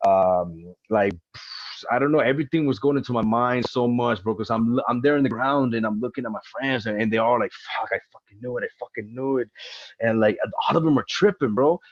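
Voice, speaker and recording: A man's voice: mid-range voice, brisk, no room sound, muffled recording. A man as an interview guest, casually retelling a personal story with lots of swearing and acted-out quotes.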